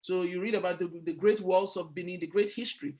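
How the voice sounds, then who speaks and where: A woman's voice: on the low side, fast talker. A woman from Nigeria with a Nigerian accent, hosting a casual book discussion and telling stories with acted-out exchanges. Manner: animated storyteller, acts out quoted exchanges. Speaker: book club host.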